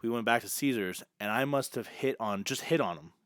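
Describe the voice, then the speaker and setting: Man telling a lively story. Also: medium pitch, a little fast, smooth, no room sound, studio quality. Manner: animated, acts out quoted dialogue. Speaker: podcast co-host. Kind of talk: casual storytelling chat.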